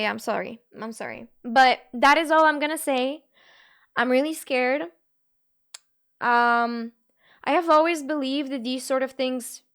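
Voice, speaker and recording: A young woman from Bulgaria, a live streamer, talking to her chat in a halting, earnest and emotional way. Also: high-pitched, clean tone.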